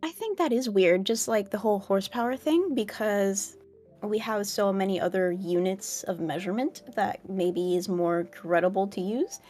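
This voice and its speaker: A woman's voice: mid-range voice, moderate pace, mellow. A young woman with a mid-range voice reads fun facts aloud as a podcast co-host. She sounds wry and playful throughout. Faint music plays underneath. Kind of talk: casual podcast chat.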